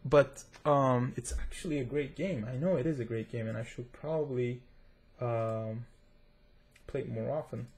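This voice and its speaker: Accented guy chatting away over gameplay, kinda gravelly voice, mid pitch. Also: normal speed, darkish tone. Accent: non-native accent, self-described. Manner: chatty and rambling, talking to viewers as he plays. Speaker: gaming tech reviewer. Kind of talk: casual gameplay commentary.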